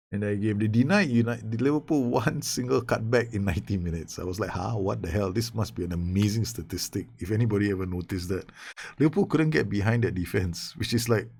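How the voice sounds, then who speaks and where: A man giving excited, nervous live commentary on his own football management game, swearing and shouting orders at his players. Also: fairly low pitch. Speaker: gaming YouTuber.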